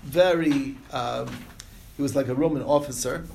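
A man's voice: medium pitch, moderate pace, gravelly, darkish tone, slight background noise. A man teaching an informal Talmud class, retelling stories loosely with many fillers and restarts. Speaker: Torah teacher.

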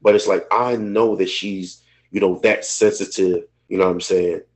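A man's voice: sits low, steady tone, moderate pace, rough recording. A man co-hosting a podcast, talking openly and emotionally in casual chat, swearing freely. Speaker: podcast co-host.

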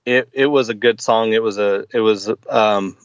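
A man's voice: fairly low pitch, fairly even intonation, normal speed, clean tone, no room sound, lo-fi sound. A man in his forties, a podcast guest, chatting casually and hesitantly with many fillers and restarts. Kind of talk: casual chat.

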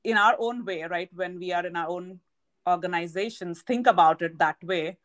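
A woman hosting an interview podcast, speaking in a measured, affirming way and often checking in with her guest. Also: on the low side. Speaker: podcast host. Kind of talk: conversational interview.

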